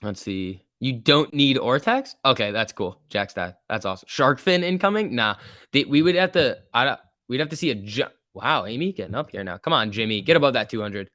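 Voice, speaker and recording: Speaking a little fast in a bright, forceful, mid-range male voice, this expressive host streams stock trading live. His commentary on price moves is casual and loose, heavy on "like" and "um", and he reads chat questions aloud and answers them. No room echo; the recording is dry.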